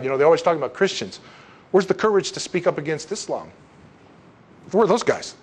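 A man delivers a sermon with rising fervor. His voice sits on the higher side and swells into loud, emphatic peaks before dropping back to quieter asides. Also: very animated, brisk, slightly rough. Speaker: preacher.

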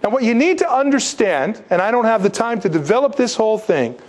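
A man preaching a sermon, emphatic and animated, posing rhetorical questions to his listeners and slipping into stories. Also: sits high, a little fast. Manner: animated storytelling with asides. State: congested, needing tissues. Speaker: pastor.

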